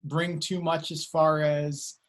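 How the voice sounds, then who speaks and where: A man's voice: on the high side, flat delivery, takes it slowly. A man giving an online university lecture over a video call, talking casually with many fillers and self-corrections.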